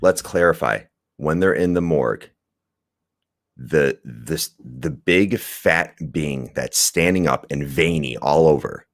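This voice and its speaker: A man's voice: a bass voice, slow pace, no echo, clean studio sound. A man co-hosting a podcast, chatting casually and rambling through a movie review, laughing and swearing as he goes. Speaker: podcast co-host.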